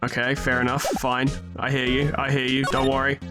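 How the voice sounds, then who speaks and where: A man voicing a young male lawyer in a video game, in a lazy, deadpan mumble. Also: medium pitch, brisk, loud music behind the voice, pitched below the performer's own voice, close to an everyday voice.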